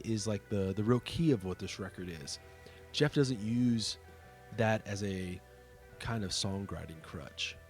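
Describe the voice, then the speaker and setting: A man hosting a podcast, talking loosely with lots of "uh" and "like" fillers. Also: fairly low pitch. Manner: loose and conversational, heavy on fillers like "uh" and "like". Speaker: podcast host. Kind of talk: casual podcast talk.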